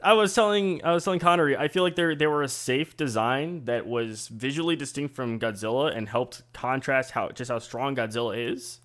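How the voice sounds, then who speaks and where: A man co-hosting a podcast, giving measured, thoughtful opinions in casual chat, with some hesitations. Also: mid-range voice, fairly bright tone. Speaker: podcast co-host.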